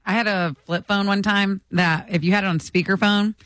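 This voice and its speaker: A woman's voice: medium pitch, steady tone, moderate pace, a bit bright, no echo. Female radio co-host, chatty and easy, dry close studio sound. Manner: chatty, laughs through stories. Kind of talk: casual talk radio chat.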